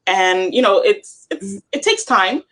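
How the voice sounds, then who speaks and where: A woman's voice: medium pitch, animated, measured pace, fairly bright tone. A woman hosting a motivational chat, explaining and encouraging in an earnest way. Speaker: host.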